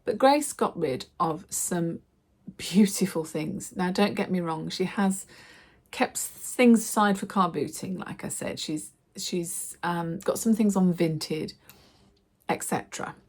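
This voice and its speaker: A woman's voice: lowish voice, a little slow. Chatty middle-aged woman vlogger. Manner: chatty, animated storytelling with acted quotes. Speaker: lifestyle vlogger. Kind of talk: casual chat to camera.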